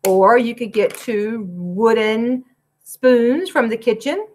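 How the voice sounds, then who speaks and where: A woman's voice: on the high side, slow pace, a little mellow, a little hiss or hum. A woman music teacher, recording a lesson for young children from her classroom, clapping and chanting rhythms and breaking into short sung lines.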